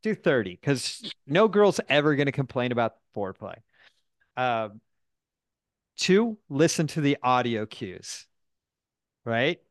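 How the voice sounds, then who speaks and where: Frank, rambling man with a smooth voice. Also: mid-range voice, big pitch swings, takes it slowly, pauses often, no echo, clean studio sound. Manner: frank, rambling, self-deprecating storyteller. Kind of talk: candid casual chat.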